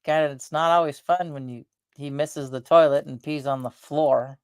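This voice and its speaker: Low-voiced rambling middle-aged woman. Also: moderate pace, clean tone, no echo, clean studio sound. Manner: rambling, animated, talks with her face. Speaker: vlogger. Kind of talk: casual storytelling chat.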